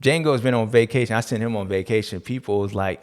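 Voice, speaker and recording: A man hosting a casual podcast recap, joking around in slangy talk with loud bursts and low asides. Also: fast, in a large hall. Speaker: podcast host. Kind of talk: casual race recap chat.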